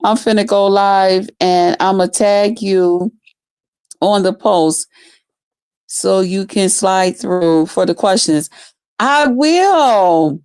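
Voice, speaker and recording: A woman's voice: mid-range voice, slow, a little mellow, smooth. A woman ranting profanely on a livestream, cursing heavily and trash-talking as she repeats herself. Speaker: livestream host.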